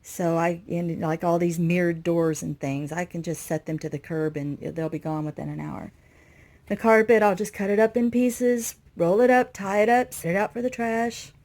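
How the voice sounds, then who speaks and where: Speaking directly to her audience, a vlogger fixing up an old RV rambles casually through a tour of its interior, clearly overwhelmed and anxious. Her voice sits fairly low, with a steady, slightly mellow tone at a normal speed.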